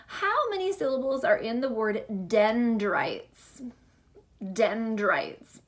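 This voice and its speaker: A woman teacher recording a distance-learning lesson for young students, deliberate and encouraging with gentle teasing. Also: fairly high pitch, very animated.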